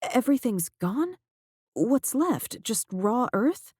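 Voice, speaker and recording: A man's voice: extremely high pitch, very animated, slow, a little mellow, slightly rough, dry recording, clean studio sound, voice pushed up, heavily acted. A male narrator voicing a distressed woman physicist stranded in orbit, asking urgent, disbelieving questions. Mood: alarmed.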